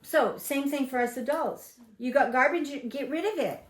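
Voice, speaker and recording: A woman's voice: sits high, normal speed. Older woman teaching Bible in echoey room. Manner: chatty, emphatic, asks the group questions. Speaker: Bible teacher at a home congregation. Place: home gathering room.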